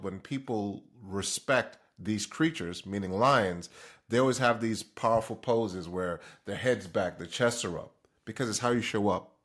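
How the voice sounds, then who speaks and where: A man's voice: fairly low pitch, fairly bright tone. A man from Jamaica hosting a motivational talk, speaking emphatically and throwing rhetorical questions at the listener. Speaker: host.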